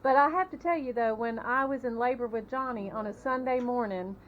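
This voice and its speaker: A middle-aged woman with a high voice steers a family chat at the table, asking questions and answering fast. The home recording is muffled, with a faint hiss behind her. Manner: asks questions, quick to react. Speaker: family member leading the talk. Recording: dull, lightly noisy home recording.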